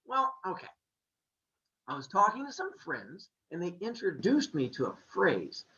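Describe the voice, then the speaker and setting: A man's voice: high-pitched, huge pitch swings, measured pace, sharp tone, muffled recording, a little hiss or hum, heavily acted. A man voicing Mother Earth, a coaxing goddess wife and mother, in a sweet, wheedling manner.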